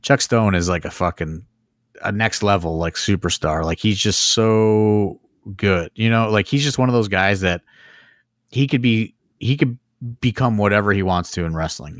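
A middle-aged wrestling promoter chats casually on a podcast, rambling with heavy fillers and lots of swearing. He has a fairly low voice and moderate pace, recorded dry with studio quality.

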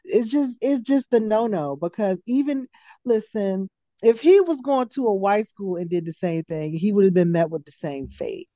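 A woman's voice: mid-range voice, lively intonation, normal speed, warm tone, no echo. A woman co-hosting a podcast, speaking bluntly and matter-of-factly in casual chat. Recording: dull, muffled mic.

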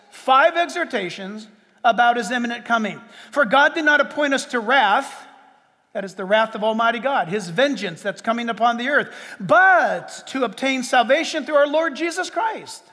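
A man preaching a sermon as pastor, with dramatic pauses and sudden loud bursts. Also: extremely high pitch, long reverb tail.

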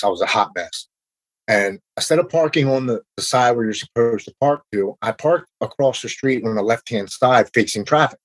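Earnest man in his forties, low husky voice, dry close sound, halting recovery talk. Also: a bit bright, no room sound, rough recording. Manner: earnest, halting, with repeated restarts. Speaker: person in recovery sharing his story. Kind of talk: casual conversation.

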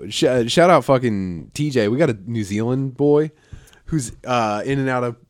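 A man's voice: mid-range voice, moderate pace, dry recording, clean studio sound. A man bantering crudely on a casual podcast, with many fillers. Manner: crude, animated, frequent fillers. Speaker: podcast co-host.

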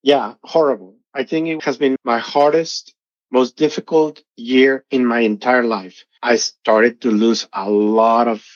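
A man's voice: mid-range voice, fairly even intonation, unhurried, no echo. A middle-aged man, earnestly telling his personal testimony as an interview guest. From Mexico. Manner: earnest, emotional storytelling. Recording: dull lo-fi audio.

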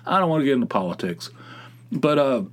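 A middle-aged man hosting a podcast, rambling casually and mocking excited people with put-on voices. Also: mid-range voice, a little fast. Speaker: podcast host. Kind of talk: casual solo podcast rant.

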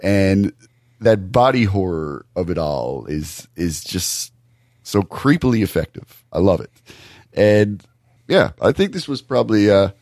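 A man co-hosting a podcast, talking things over in a thoughtful, halting way with many restarts. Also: sits low, sing-song, darkish tone, no echo, clean studio sound. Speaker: podcast co-host. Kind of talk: casual podcast discussion.

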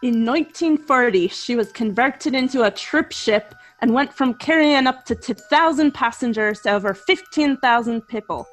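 A woman's voice: a little high, moderate pace, few pauses, faint music behind, natural voice. A woman reading a historical passage in a put-on Scottish accent, careful and earnest.

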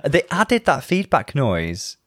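A man's voice: on the high side, wildly swooping pitch, slow pace, a bit bright, no room sound. Giggly man chatting close-up. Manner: giggly, gushing fan banter. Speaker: podcast co-host. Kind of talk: casual chat.

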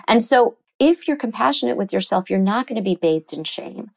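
A middle-aged woman therapist explaining things earnestly in an interview, lively when she quotes people. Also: mid-range voice, a little fast, vocal fry, few pauses, poor audio. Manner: earnest, explanatory, animated when quoting others. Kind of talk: interview conversation.

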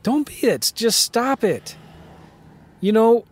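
His voice is extremely high, slow and a little breathy. This podcast host and real estate investor sits in a car telling an animated, emphatic story about a deal, laughing along in a casual rant.

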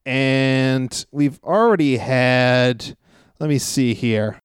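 A man co-hosting a podcast in casual chat, brisk and keeping the conversation moving. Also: medium pitch, clear, resonant tone, dry recording, clean studio sound. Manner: brisk, keeps the talk moving, laughs often. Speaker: wrestling podcast co-host.

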